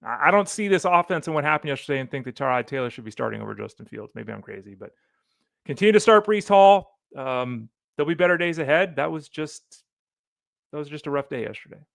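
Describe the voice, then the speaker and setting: A man hosting a solo fantasy football podcast, animated and opinionated, talking straight to the listener. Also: a little high, quick pace, vocal fry, dry recording, studio quality. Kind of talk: solo sports podcast commentary.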